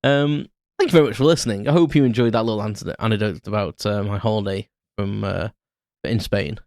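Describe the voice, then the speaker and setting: A man's voice: fairly low pitch, fast talker, a little mellow, dry recording, clean studio sound. A British man in his thirties, hosting a podcast and telling an unscripted story in a rambling way with restarts. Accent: British English. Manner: rambling, many restarts and fillers. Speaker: podcast host. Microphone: close podcast mic.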